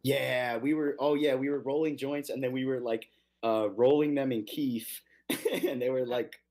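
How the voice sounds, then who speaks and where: Man, radio talk host, laid-back, rambling anecdotes, mid-pitched voice. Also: fairly even intonation, moderate pace, darkish tone. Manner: laid-back storytelling with laughs. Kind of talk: casual chat.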